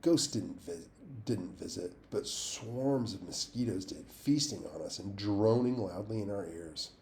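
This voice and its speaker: A man reading a novel aloud in a steady, plain way, with small slips and restarts. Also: on the low side, a little slow, slight background noise. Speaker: audiobook reader.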